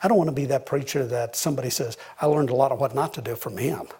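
A man's voice: medium pitch, fast talker, warm tone, breathy edge. A man preaching a sermon as a pastor, earnest, his voice rising for emphasis.

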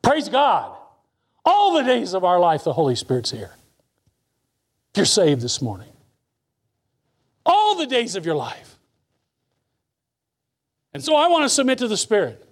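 A man preaching a sermon, reading scripture slowly and dropping to hushed asides between emphatic lines. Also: very high-pitched. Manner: reads scripture slowly and deliberately.

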